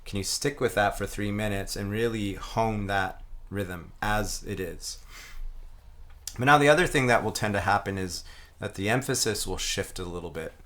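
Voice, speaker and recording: Male instructor, lowish voice, thoughtful and easygoing, talks through technique step by step. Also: normal speed. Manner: relaxed, reflective, chanting rhythm syllables aloud. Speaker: didgeridoo teacher. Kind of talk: explaining a playing technique.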